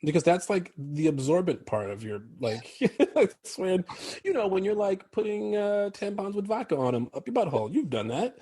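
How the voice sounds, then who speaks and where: Husky-voiced man, animated guest storyteller. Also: high-pitched, normal speed. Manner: animated storyteller, laughs often. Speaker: actor guest. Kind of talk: casual chat.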